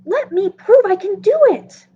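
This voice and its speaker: An eager, earnest young cowboy car , as a woman reading aloud puts him on. The voice sits high and swoops with excitement. It is recorded on dull, lo-fi audio. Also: unhurried, slight background noise, exaggerated voice.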